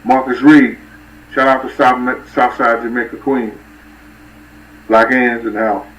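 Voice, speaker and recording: A New man hosts a relaxed livestream, spinning loose stories in street slang and calling out names from the chat. His voice sits at an everyday middle pitch and comes from a little way off the mic. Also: unhurried, distant mic, rough recording. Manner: loose, rambling street-talk storytelling with shout-outs to viewers. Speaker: livestream host. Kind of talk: casual storytelling on a livestream.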